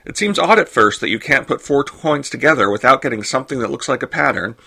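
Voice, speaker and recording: A man hosting a podcast, reading a scripted explanation in a clear, measured way. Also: medium pitch, expressive, bright, forceful tone. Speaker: podcast host. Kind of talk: scripted narration.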